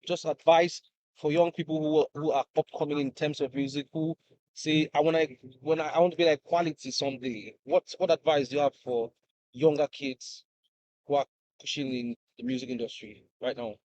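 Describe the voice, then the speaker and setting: A man's voice: a little high, steady tone, normal speed, darkish tone, dry recording. A Nigerian man hosting a casual podcast, upbeat, who hesitates with fillers when he asks questions. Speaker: podcast host.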